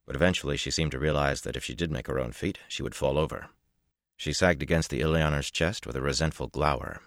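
A man narrating a fantasy audiobook in a measured, even manner. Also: extremely low pitch, no room sound, studio quality.

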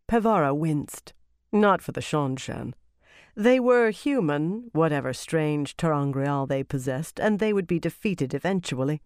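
An audiobook narrator reading a fantasy novel in a measured, expressive way. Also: medium pitch, clear, resonant tone, no room sound, clean studio sound.

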